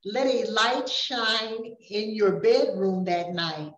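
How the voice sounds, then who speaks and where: An older woman voicing a small, kind female fairy in a storybook reading, speaking softly and earnestly. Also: mid-range voice, takes it slowly, far from the mic, lightly acted. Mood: gentle. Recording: roomy, dull recording.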